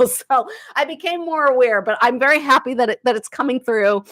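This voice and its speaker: Chatty female guitar teacher, Boston accent, bright tone, laughs easily. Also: on the high side, moderate pace, few pauses. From Boston area, USA. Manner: chatty, animated, laughs often. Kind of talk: live-stream Q&A chat.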